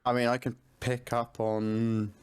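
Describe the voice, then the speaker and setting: A man on a casual online panel, speaking in a measured, relaxed way. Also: medium pitch, clear, resonant tone.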